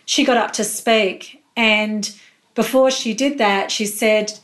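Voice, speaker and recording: A middle-aged woman speaks openly about her family and church life. She is candid and emotional, sometimes close to tears, in a voice of ordinary pitch. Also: steady tone, slow, fairly bright tone. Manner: emotional, tearful at moments, candid. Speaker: pastor's wife, interview guest. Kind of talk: personal faith story in an interview.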